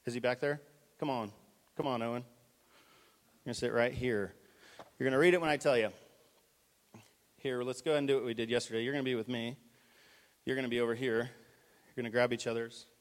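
A man's voice: medium pitch, fairly even intonation, brisk, long pauses. Man preaching in a reverberant church hall. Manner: conversational, urgent, directs volunteers on stage. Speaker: pastor. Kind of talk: live sermon with stage illustration.

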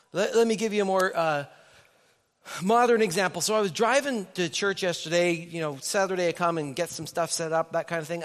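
A man preaching a sermon as the pastor in a church, telling stories in an animated way and acting out the voices in people's heads. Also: sits high. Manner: animated storytelling with acted inner voices. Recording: long reverb of a church hall.

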